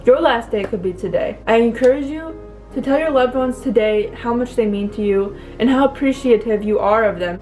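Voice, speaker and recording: A young woman speaking to her viewers in a personal vlog, emotional and close to tears, halting with many fillers and restarts. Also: medium pitch, darkish tone. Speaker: vlogger.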